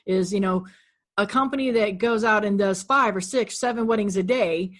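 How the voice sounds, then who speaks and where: A woman's voice: medium pitch, moderate pace. A woman hosting an interview podcast, upbeat and speaking straight to her listeners. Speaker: podcast host.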